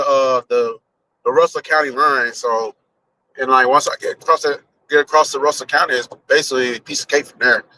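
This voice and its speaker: A man's voice: medium pitch, pushed and bright, poor audio. A man chatting loosely on a live stream while driving, rambling and swearing casually as he thinks aloud. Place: in a car on a highway.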